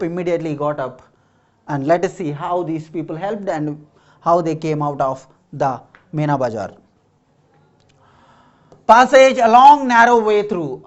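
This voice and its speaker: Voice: medium pitch, highs cut off. An English teacher explaining a story and word meanings step by step, often checking in with "right?". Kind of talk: classroom vocabulary lesson.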